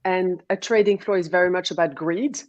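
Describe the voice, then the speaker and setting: A woman's voice: on the low side, fairly quick, darkish tone, no echo, dull audio. A woman with a slight French-tinged accent, a guest on a radio show, talking chattily and laughing easily. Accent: French-educated. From half Moroccan, half Iranian. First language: not English. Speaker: guest nutritionist. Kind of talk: radio interview.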